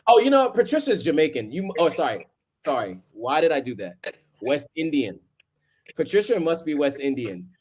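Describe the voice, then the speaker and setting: A man's voice: fairly high pitch, very animated, moderate pace, a little mellow, husky. Laid-back chuckling man hosting a live. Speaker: live stream host. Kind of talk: casual live-stream chat.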